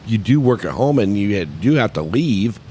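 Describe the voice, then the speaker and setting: A man's voice: on the low side, sing-song, moderate pace, dark tone, slight background noise. A man co-hosting a podcast, needling a caller with teasing jokes. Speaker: podcast co-host. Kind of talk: casual banter.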